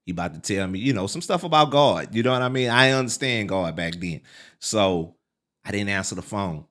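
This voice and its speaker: A middle-aged man, a podcast guest, telling his life story in a casual, animated way, full of fillers like "man" and "like". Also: a little fast. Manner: relives quotes with sharp pitch leaps.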